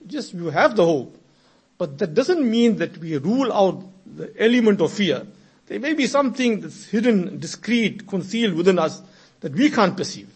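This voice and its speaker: A man giving a sermon, telling moral stories and building from quiet narration into emphatic exhortation. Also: sits high, sing-song, normal speed, husky. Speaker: preacher. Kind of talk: storytelling sermon.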